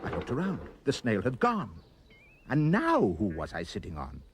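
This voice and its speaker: A man reading a rhyming children's poem aloud with expressive, sing-song delivery. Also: fairly low pitch, moderate pace, heavy background noise. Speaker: reader.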